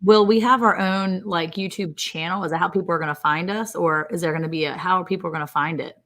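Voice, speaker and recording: Woman, playful, giggly, casual chat, slightly low pitch. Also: steady tone, quick pace, a bit bright.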